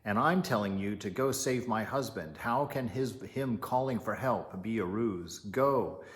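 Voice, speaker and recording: A young queen pleads in a raised, breathless voice, as a man telling the legend puts her on. She begs insistently and with urgency. The voice sits low for a woman. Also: measured pace, lightly acted. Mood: pleading. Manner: breathless, begging.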